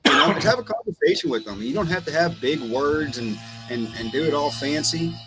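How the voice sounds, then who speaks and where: A man's voice: fairly high pitch, expressive, fairly quick, music in the background, low-quality recording. A man from Texas, a guest in a casual conversation, who rambles and repeats words as he tells stories.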